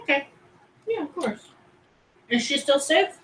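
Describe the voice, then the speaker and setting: A woman playing in a tabletop game, speaking softly and asking questions in casual chat. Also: high voice, lively intonation, a little slow, recorded from a distance, slight background noise. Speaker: player.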